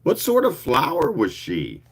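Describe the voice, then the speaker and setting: A man reading a story aloud, voicing a poised and witty young woman who speaks clearly and calmly. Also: a little high, unhurried, voice pushed up, exaggerated voice. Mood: curious. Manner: cool, clear and punning.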